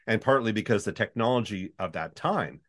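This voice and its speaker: A Canadian man with a baritone voice, a voice-over artist chatting in an interview and slipping into demo voices. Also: a little fast. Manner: chatty, animated, demonstrates reads in put-on voices. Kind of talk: casual interview chat.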